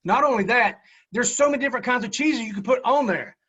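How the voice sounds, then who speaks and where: A high, bright-toned man gives an eager practice pitch. The video call audio is dull and muffled. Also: animated, fast talker, husky. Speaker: trainee.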